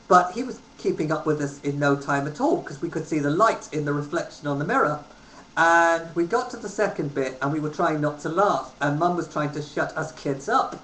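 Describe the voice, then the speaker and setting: A man's voice: on the high side, expressive, brisk, fairly bright tone. A man in his thirties from England, telling travel stories casually into a webcam, rambling with many ums. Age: 30s. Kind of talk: casual storytelling. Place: home room. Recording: roomy webcam recording with faint hiss.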